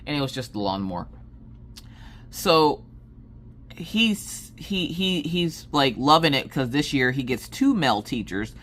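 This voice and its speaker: A woman's voice: extremely low pitch, animated, a little slow, fairly bright tone. A woman craft vlogger in a casual chat, telling a rambling story with many fillers and restarts.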